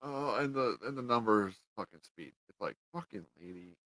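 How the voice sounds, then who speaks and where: A man's voice: medium pitch, animated, normal speed, pushed and bright, no room sound, rough recording. A man ranting sarcastically and profanely in a casual review, a little tipsy. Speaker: TV show reviewer.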